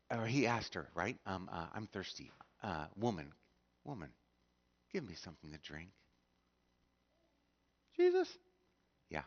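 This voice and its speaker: A middle-aged male pastor tells stories from the pulpit, stumbling over fillers and restarts and acting out the people in them. His voice sits low but rises and falls a lot. The church livestream sounds muffled and lo-fi. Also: a bit bright. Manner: storytelling, acts out quoted speech with many fillers and restarts. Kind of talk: sermon. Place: church sanctuary.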